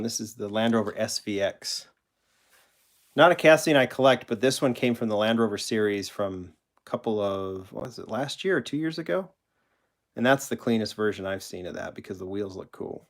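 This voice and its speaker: A man hosting a casual live stream, rambling and correcting himself as he answers chat questions and shows toy cars. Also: fairly low pitch. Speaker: host of a live collector stream.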